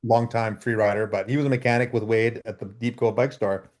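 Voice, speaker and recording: A middle-aged man from Canada, a freeride mountain biker telling lively stories as a podcast guest over a video call and acting out the dialogue. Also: medium pitch, fairly quick. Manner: animated storyteller, acts out quoted dialogue. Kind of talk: casual storytelling interview.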